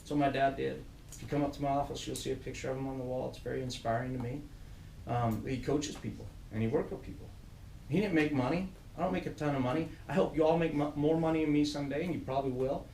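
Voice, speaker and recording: A middle-aged man giving a motivational talk to a group of youth trainees. He tells his own stories in an animated way and laughs through the funny parts. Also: mid-range voice, fast, creaky, far from the mic, slight background noise. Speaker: program director speaking to youth trainees. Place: room with an audience. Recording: echoey room, voice from off-mic.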